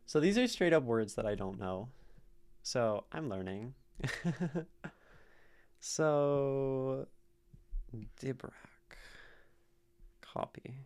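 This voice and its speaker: A man's voice: mid-range voice, expressive, drawn-out words, pauses often, darkish tone, smooth. A man hosting a live stream, casually analyzing poetry and thinking aloud as he taps out rhythms in syllables. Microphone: streaming mic.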